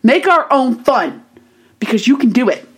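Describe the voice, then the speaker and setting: A woman's voice: fairly high pitch, normal speed, husky. A woman in her thirties vlogging casually to camera, telling a chatty story and giving upbeat, motivational pep talk. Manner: animated, chatty storytelling with acted-out self quotes.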